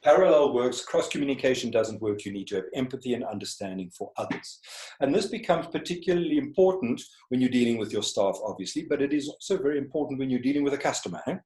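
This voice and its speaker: A man's voice: medium pitch, expressive, fast talker, a little mellow. Man teaching a class in an echoey room. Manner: checks in often with rhetorical questions. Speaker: communication skills trainer. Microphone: video call. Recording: echoey room over a video call.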